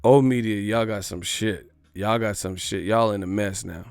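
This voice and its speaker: Man, boxing stream host, brash and slangy, crisp clean voice, dry close sound. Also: fairly low pitch, fairly even intonation, moderate pace, a little mellow, dry recording, soft background music. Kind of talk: live stream commentary.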